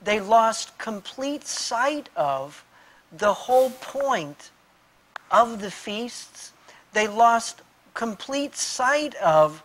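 A man's voice: very high-pitched, a bit bright, rough recording. A male pastor answering questions in a Bible discussion, often calling his interviewer by name and restarting his sentences as he explains with everyday examples and quoted verses.

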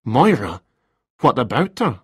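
A man's voice: mid-range voice, very animated, unhurried, slightly rough, no echo, clean studio sound, exaggerated voice. A man voicing a nervous male freelance writer in a story reading, talking in a hesitant, defensive way. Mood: flustered.

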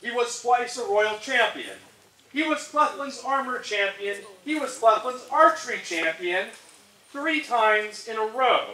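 A man's voice: high voice, bright, forceful tone. A man reading a formal ceremonial oration, declamatory as he lists honors. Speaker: historian speaking at a ceremony. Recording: echoey and distant.

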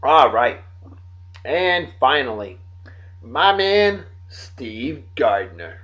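A man's voice: mid-range voice, expressive, unhurried. Jokey man with a dull lo-fi sound. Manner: rambling, jokey, talks straight to friends. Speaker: host of a daily beer and song show. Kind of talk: casual birthday shout-outs to viewers. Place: home in Texas.

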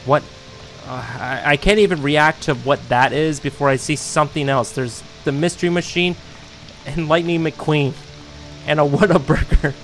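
A man giving excitable let's-play commentary, riffing as he explores a video game, with sudden jumps in pitch. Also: moderate pace. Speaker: gaming YouTuber. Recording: game music behind.

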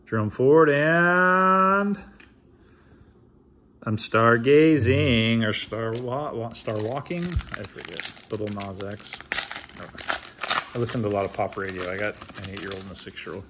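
A man's voice: medium pitch, a little slow, a bit bright, slight background noise. A man in his thirties opening trading card packs in a casual vlog, reading names aloud with wry, mumbled asides. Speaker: card opener.

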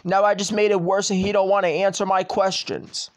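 A man's voice: sits high, little pitch movement, brisk. A man ranting to camera in a vlog, repeating himself, swearing and addressing the platform directly. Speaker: channel owner.

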